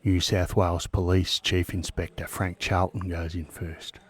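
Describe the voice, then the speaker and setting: Deep-voiced man narrating true crime. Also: level tone, slightly rough. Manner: measured, suspenseful storytelling, dropping to hushed tones. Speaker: podcast host.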